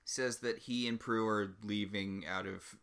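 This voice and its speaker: A man's voice: lowish voice, steady tone, measured pace, creaky, a bit bright. A man co-hosting a podcast, chatting about a TV episode with dry, joking banter. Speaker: podcast co-host. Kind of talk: casual TV recap chat.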